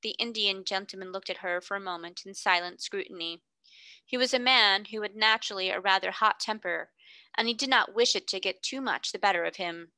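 A woman narrating a classic novel aloud in a clear, steady storytelling manner. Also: medium pitch, a little fast, no echo. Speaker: reader. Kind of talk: audiobook narration.

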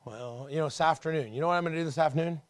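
A man preaching a conversational sermon to his church, dropping low and quiet, then rising to emphatic calls. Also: very fast, no echo. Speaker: pastor.

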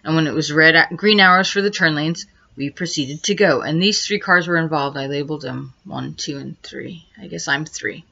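A woman's voice: low voice, moderate pace, creaky, hardly any pauses, pushed and bright. A woman vlogger rambling through a first-person account step by step, growing agitated as she retells it. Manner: rambling, retraces events step by step, grows agitated. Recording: dull lo-fi recording.

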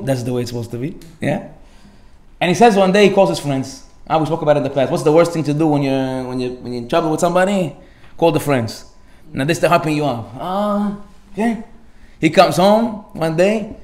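High-voiced rabbi telling a story. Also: male voice, animated, fairly quick, roomy sound. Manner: storytelling with rhetorical questions and Hebrew phrases. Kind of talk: Torah class sermon.

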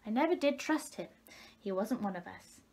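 A woman's voice: mid-range voice, lively intonation, normal speed, darkish tone, close to an everyday voice. A woman voicing a worried, protective mother fish in a storybook reading, with a fretful manner. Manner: fretful, conforming.

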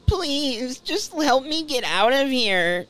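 A man's voice: extremely high pitch, big pitch swings, slow, fairly bright tone, pitched above the performer's own voice, full character voice. A man voicing a determined young woman climber in a video game, reading her lines in a raised, strained voice. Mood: pleading.

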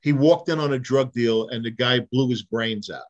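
A man's voice: mid-range voice, moderate pace, dull audio. A man, a private investigator telling vivid case stories in a casual interview, acting out the dialogue. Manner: animated storyteller, acts out quoted dialogue, frequent restarts.

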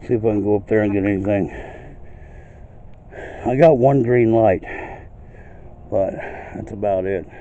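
A man's voice: fairly low pitch, a little slow, long pauses, phone-quality sound, slight background noise. A man vlogging casually from an outdoor cemetery, calling out to spirits in a raised voice as a paranormal investigator.

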